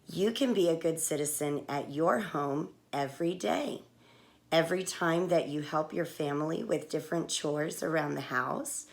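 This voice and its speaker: A woman teaching a writing lesson to young children, talking slowly and patiently, with clear words. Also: sits low.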